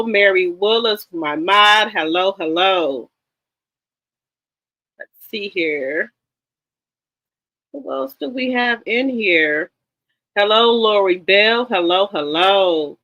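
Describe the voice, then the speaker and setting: Live-stream host, mid pitch, warm greetings on repeat, lo-fi audio. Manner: greets viewers one by one with repeated hellos; chatty, with frequent ums and restarts. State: a little tired. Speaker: livestream host. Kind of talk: casual live-stream chat. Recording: slightly dull lo-fi sound.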